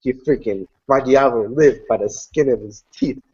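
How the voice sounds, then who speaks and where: A man's voice: mid-range voice, normal speed, breathy edge. A young man in casual chat, animatedly recounting card game matches, swearing freely and acting out what people said. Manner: animated storytelling, swears freely, acts out quotes. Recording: dull lo-fi sound.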